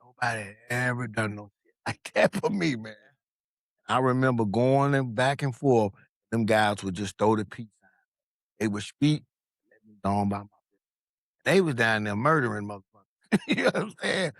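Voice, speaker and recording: A man from Long Beach, California, a podcast guest telling his story in a casual, animated way, acting out the voices of people he quotes and swearing freely. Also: mid-range voice, normal speed, gravelly, long pauses, no room sound, studio quality.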